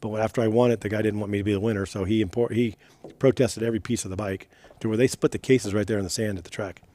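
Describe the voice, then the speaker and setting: A man's voice: lowish voice, steady tone, racing, warm tone. A middle-aged man, a retired racer being interviewed, chatting casually in a rambling way with frequent self-corrections.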